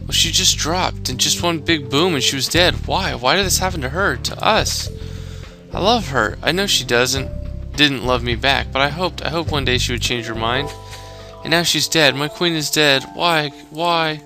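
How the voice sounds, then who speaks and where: A man's voice: a little high, fairly even intonation, brisk, few pauses, music in the background, voice pushed up, natural voice. A man voicing a distraught young man in a mystery game, anguished and repeating himself. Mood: grief-stricken.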